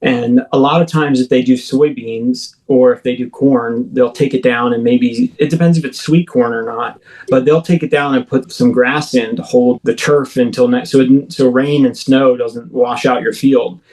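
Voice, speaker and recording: Here a man in his thirties, guesting on an interview, gives a vivid account of a personal experience full of halts and restarts. His mid-range voice is a little mellow, with fairly even intonation and a moderate pace, on a rough recording.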